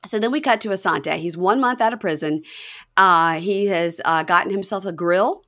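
A woman's voice: on the low side, moderate pace, a bit bright. A woman podcast host chatting casually as she recaps a show, acting out quotes in a raised voice.

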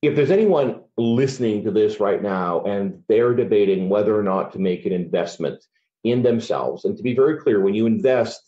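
A middle-aged man speaks as a podcast guest in a low, earnest voice. He tells his story casually and leans on "you know" between thoughts. The sound is muffled and lo-fi. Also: a little mellow. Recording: dull lo-fi recording.

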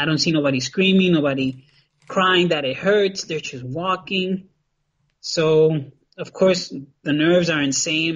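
Animated man telling a story over muffled audio. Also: on the high side. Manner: animated storyteller, laughs easily. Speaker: podcast guest. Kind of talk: casual storytelling in conversation.

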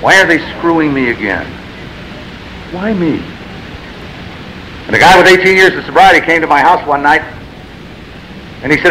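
A man's voice: a little high, animated, moderate pace, pauses often, pushed and bright, a little hiss or hum, rough recording. A man speaking at a recovery meeting, telling his story in a blunt, self-mocking way that swings between wry and exasperated. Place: meeting room.

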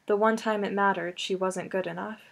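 Female audiobook narrator, expressive storyteller. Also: medium pitch, moderate pace, vocal fry. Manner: expressive, lingers on emotional lines. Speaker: audiobook reader.

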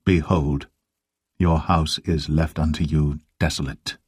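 A man playing Jesus, denouncing religious leaders in archaic, thundering speech with a husky voice. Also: a bass voice, steady tone, slow, darkish tone, no echo, clean studio sound, full character voice. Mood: fierce rebuke. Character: Jesus, stern male preacher rebuking religious leaders.

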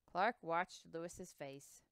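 A woman reading a children's chapter book aloud, expressive, with occasional slips and restarts. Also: fairly low pitch, slow, creaky, clear, resonant tone, dry recording. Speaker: reader. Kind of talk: storybook read-aloud.

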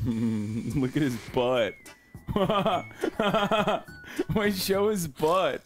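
A man's voice: fairly high pitch, extremely slow, soft background music. A man in his thirties chatting casually and joking around with animals, swearing playfully. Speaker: streamer, visiting guest. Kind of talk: casual chat.

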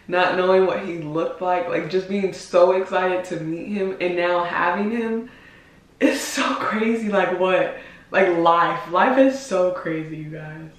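A woman's voice: fairly low pitch, recorded from a distance. Emotional young woman, echoey and off-mic. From United States. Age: 20s. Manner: chatty, emotional, laughing and near tears. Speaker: vlogger. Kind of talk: emotional reaction vlog commentary.

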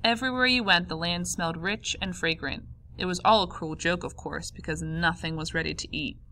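A woman narrating a memoir audiobook in a calm, measured way. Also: fairly low pitch, a little hiss or hum. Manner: calm, measured, first-person memoir reading. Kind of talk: audiobook reading.

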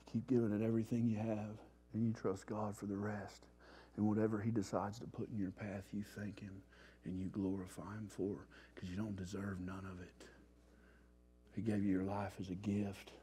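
With a fairly low, slightly rough voice, this man tells his story as a sermon-style testimony at a church recovery revival. His delivery is animated and full of street slang, and he acts out the panic of his past.

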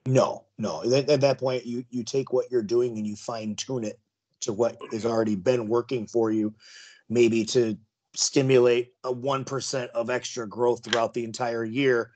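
A man's voice: medium pitch, steady tone, moderate pace, a little mellow. Man hosting a casual podcast. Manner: agreeing, adds brief points. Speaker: podcast host. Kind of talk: casual chat.

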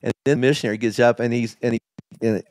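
A middle-aged man, a pastor, telling his story in a candid interview, halting with many restarts. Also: mid-range voice, steady tone, darkish tone, no echo, studio quality. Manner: emotional, halting, with many restarts and quoted asides. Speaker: lead pastor.

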